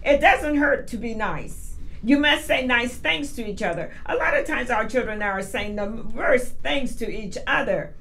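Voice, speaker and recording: A woman from the Carolinas, a schoolteacher guest on a radio talk show, speaking in a gentle, polite, lecturing way. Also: fairly high pitch, lively intonation, moderate pace, hardly any pauses.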